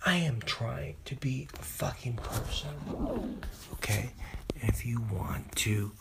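A man ranting in a solo podcast, furious and profane, swinging between loud outbursts and hushed whispers, recorded in his room at night. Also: medium pitch, gravelly, background noise. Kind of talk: angry solo podcast rant.

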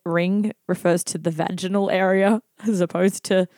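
A woman's voice: lowish voice, fairly even intonation, warm tone, dry recording, clean studio sound. A woman co-hosting a casual podcast, giggling and restarting her sentences as she chats. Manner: giggly, quick to laugh and restart. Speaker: podcast co-host. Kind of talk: casual chat.

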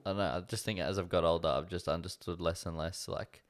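A young Australian man with a low, fairly even voice talks fast while co-hosting a podcast. His casual chat rambles and hesitates, packed with fillers.

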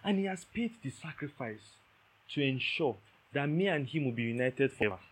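A man's voice: mid-range voice, lively intonation, normal speed, husky. A man preaching a sermon, emphatic, repeating key phrases and checking that listeners understand.

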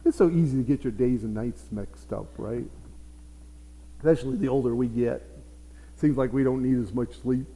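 A man's voice: mid-range voice, normal speed, pauses often, warm tone. A man preaching a sermon as pastor, with playful asides to his congregation. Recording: reverberant hall.

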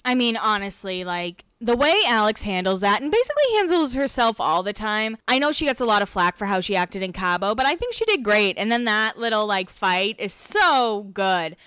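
A woman hosts a casual podcast recap in a chatty, self-mocking way. Her voice is smooth and clear, at a middle pitch. The sound is dry and close. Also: sing-song, moderate pace, hardly any pauses, fairly bright tone, no echo. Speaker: podcast host.

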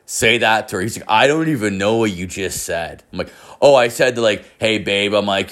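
Swearing often and piling on fillers, a young podcast host rambles through a casual story, raising his voice to act out what other people said. He speaks at normal speed, expressively, with a low-ish, somewhat bright voice.

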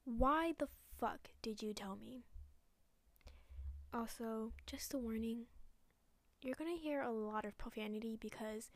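A woman's voice: a little high, a little slow, pauses often, no echo. Profane, angry young woman ranting. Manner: angry, profane, dips into hushed asides. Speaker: podcast host. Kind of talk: casual solo podcast rant.

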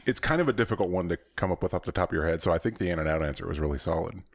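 A young man co-hosts a casual podcast, telling rambling stories and breaking into frequent laughter. His voice sits low yet swings widely in pitch, with plenty of animation. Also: lively intonation, very fast, vocal fry. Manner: laughs often, rambling storyteller. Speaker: podcast co-host. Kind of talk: casual chat.

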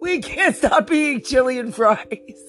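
A woman's voice: high voice, animated, a little slow, fairly bright tone, soft background music. A woman hosting her own podcast late at night, sleepless and chatting casually while she keeps breaking into helpless giggles. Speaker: podcast host. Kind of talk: solo podcast chat.

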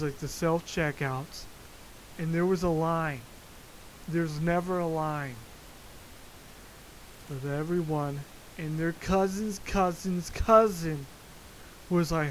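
A Florida podcast host goes on an unhurried solo rant about everyday chaos, swearing a lot and chuckling every few lines as he tells it in an animated, loose storytelling rhythm. His pitch is middling. The low-quality recording carries a faint hiss underneath.

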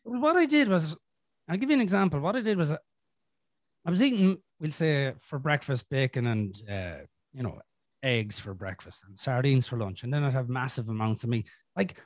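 A man's voice: medium pitch, no echo, studio quality. A man hosting a podcast, telling his own story in a candid, casual way and swearing often. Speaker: podcast host. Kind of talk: casual conversation.

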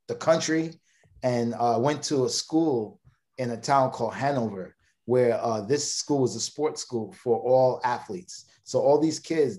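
A Brooklyn man in his thirties, with a warm, mid-range voice, appears as a podcast guest and tells a long personal story. His casual talk rambles, full of restarts and stammered repeats.

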